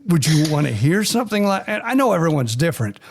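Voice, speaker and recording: A man's voice: on the high side, very animated, quick pace, gravelly. A man who hosts a podcast and is himself a transplant recipient, asking questions in a rambling way and restarting his sentences. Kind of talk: conversational interview.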